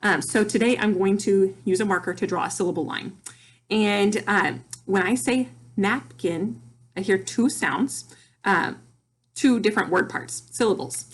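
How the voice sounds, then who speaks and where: A woman teaching young children phonics, with a soft, slightly breathy voice at an ordinary middle pitch. She talks slowly and deliberately, sounding out words and clapping out syllables with patient repetition.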